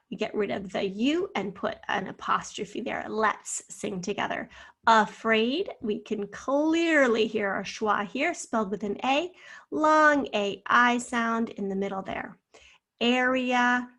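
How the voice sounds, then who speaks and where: A woman teacher dictating a spelling test and going over the answers syllable by syllable, slowly and carefully. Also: a little high, fairly bright tone. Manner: slow, careful word-by-word dictation. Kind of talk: spelling lesson for children.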